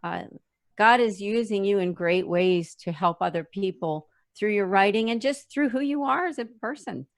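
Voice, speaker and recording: A woman hosting a faith interview in a warm, affirming manner. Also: mid-range voice, moderate pace, creaky, no room sound, studio quality. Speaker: interview host.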